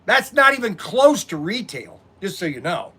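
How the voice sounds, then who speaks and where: Filmed on a tripod-mounted phone, the hobby shop owner rambles on his livestream, animated and addressing viewers directly. He speaks at a moderate pace in a high, husky voice.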